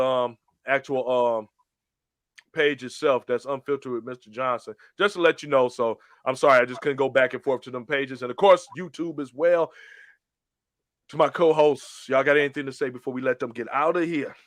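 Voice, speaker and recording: A man hosting a casual talk show, telling stories in an animated way and acting out phone menus. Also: medium pitch, fairly quick, no echo, clean studio sound. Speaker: show host. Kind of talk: casual podcast chat.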